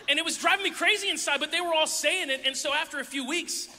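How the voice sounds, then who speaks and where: In an echoey hall, a youth pastor delivers a sermon as a playful storyteller who voices the characters he describes. He talks fast, at an extremely high pitch, with a pushed, bright sound.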